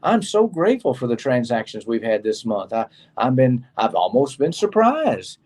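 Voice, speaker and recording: A man's voice: medium pitch, very animated, normal speed, darkish tone. A middle-aged man co-hosting a casual chat show, telling stories and acting out the people he quotes. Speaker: co-host.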